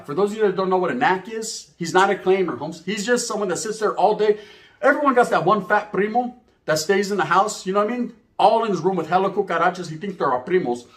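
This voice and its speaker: A man from California, telling a comedic street story with heavy slang and acting out every character. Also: sits high. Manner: animated, acts out voices, heavy Chicano slang. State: out of breath.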